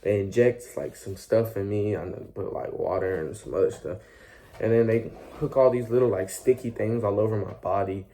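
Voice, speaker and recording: A man's voice: on the low side, normal speed, dark tone. A young man telling a personal story in a casual, rambling way, full of slang and restarts.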